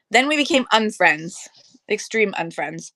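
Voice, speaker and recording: Bright-voiced woman chatting on a live stream. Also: mid-range voice, no echo. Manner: chatty, reads viewer comments aloud, many fillers. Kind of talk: casual live-stream chat.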